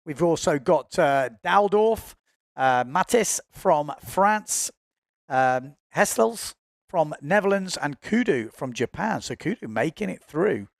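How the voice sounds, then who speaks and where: A man's voice: a little high, animated, takes it slowly, gravelly, dry recording, clean studio sound. A man giving chatty, informal live commentary on a windsurfing race, often correcting himself as he goes.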